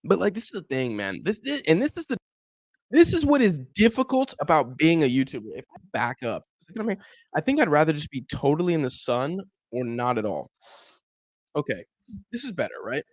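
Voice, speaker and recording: Brisk and a bit high-pitched, a young man hosts a football watch-along stream with no room sound. He talks animatedly to his chat, casually commentates on the match, and acts out the complaints fans make about him.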